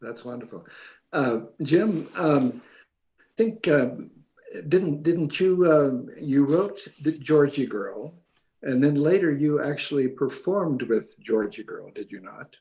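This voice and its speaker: A man co-hosting an interview, asking questions with halting fillers. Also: medium pitch, animated, mellow. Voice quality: halting, filler-heavy phrasing. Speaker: co-host. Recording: distant from the mic.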